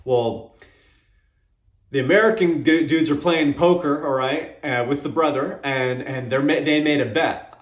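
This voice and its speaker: Man musing in a roomy space. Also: mid-range voice. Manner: conversational, retells movie scenes with quick voiced quotes. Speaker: channel host. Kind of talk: reflective solo talk to camera.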